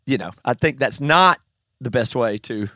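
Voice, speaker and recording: A man with a Southern US accent, talking in casual conversation, opinionated and animated, laughing often. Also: mid-range voice, moderate pace, no room sound. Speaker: conference guest.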